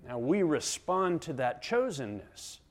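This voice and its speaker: A middle-aged man preaching a sermon as a pastor, dramatic, swinging between loud emphasis and hushed near-whispers. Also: a little high, sing-song, unhurried.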